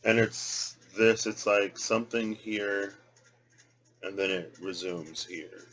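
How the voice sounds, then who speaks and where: Slow, low-voiced man musing. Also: a bit bright, low-quality recording. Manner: muttering, repeats words while trying pronunciations. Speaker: tarot and rune reader. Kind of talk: casual reading vlog, thinking aloud.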